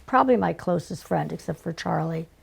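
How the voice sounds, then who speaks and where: An older woman telling stories as an interview guest, animated and conversational. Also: on the low side, fairly quick, creaky, slightly rough. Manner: animated, conversational, acts out remembered exchanges. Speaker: guest, former casting director. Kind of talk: storytelling in conversation.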